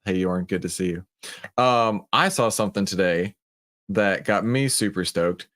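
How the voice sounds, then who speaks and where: A chatty man with a Texan accent hosts a casual livestream, speaking in a lowish voice. He greets viewers by name and talks in a loose, friendly way. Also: a little slow, fairly bright tone. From Texas. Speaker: livestream host.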